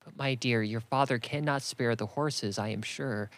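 A man voicing an excitable, fussy middle-aged mother in a classic novel reading, raising his pitch a little. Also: normal speed, no room sound, close to an everyday voice. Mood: coaxing.

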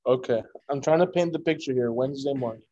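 Mellow man chiming in, muffled sound. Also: mid-range voice, fast talker. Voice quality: short interjections, eggs the storyteller on. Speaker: podcast co-host. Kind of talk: casual chat, reacting.

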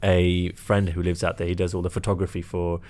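Low-voiced man telling stories. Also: a little fast. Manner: animated storyteller, quotes others, laughs often. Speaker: magician and entertainer. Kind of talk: casual chat.

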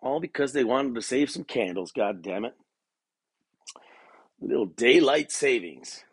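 A man's voice: medium pitch, expressive, measured pace, breathy edge, no echo. Laid-back swearing young man rambling. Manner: pacing while talking. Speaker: podcast host. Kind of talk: casual rambling monologue. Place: bedroom at home.

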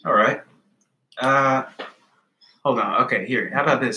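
A man's voice: mid-range voice, measured pace, bright, forceful tone, echoey room, a little hiss or hum, low-quality recording. A man co-hosting a casual comedy chat, reading jokes aloud in a rambling, playful way with many restarts. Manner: rambling, self-interrupting, playful.

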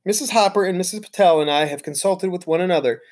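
A reader voicing a firm but kind woman teacher who speaks in a measured, steady way in a storybook read aloud. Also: mid-range voice, lightly acted. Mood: announcing.

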